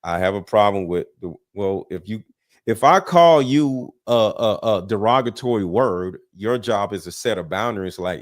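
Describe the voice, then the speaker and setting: A man debating with heat, his pitch swinging widely as he presses his point. He repeats himself for emphasis, swears freely and talks over the other side with "hold on" and "listen". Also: lively intonation, moderate pace. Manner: interrupts with 'listen' and 'hold on'. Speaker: guest debater. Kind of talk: heated debate.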